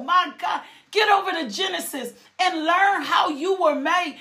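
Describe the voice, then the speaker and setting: A woman preaching a sermon, impassioned and shouting, with sudden high exclamations. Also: unhurried, hardly any pauses, a little hiss or hum.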